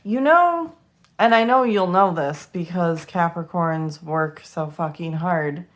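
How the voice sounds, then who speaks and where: Young woman tarot reader, unhurried, lowish voice, choked up and cussing. Casual to-camera reading. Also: slight background noise. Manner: emotional, close to tears, swears freely.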